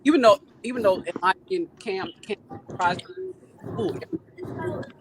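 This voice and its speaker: A man's voice: high voice, very animated, brisk, noisy background. A man, a panelist who talks through reality TV gossip in a chatty way, laying out his points one by one. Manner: chatty, builds points step by step. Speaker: co-host panelist. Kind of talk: casual gossip and analysis.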